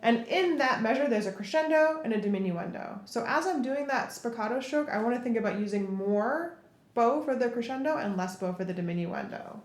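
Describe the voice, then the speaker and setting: In this instrument tutorial, a woman with a fairly high, lively voice speaks briskly over soft background music, explaining viola bowing step by step in between passages she plays. Loud viola playing fills the echoey room.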